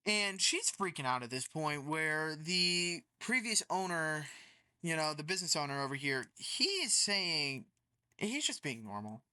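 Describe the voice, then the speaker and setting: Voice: medium pitch, big pitch swings, a little slow, pushed and bright, clear, resonant tone, no echo. A storytime narrator casually retelling a story in a rambling way with many fillers.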